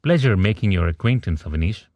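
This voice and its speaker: A polite, eager young man in an audiobook, a touch hesitant, in a deep voice a man narrator gives him. Dry, close sound. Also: lively intonation, quick pace, a little mellow, no echo, muffled recording. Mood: earnest. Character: eager young male new hire. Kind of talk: audiobook character voice.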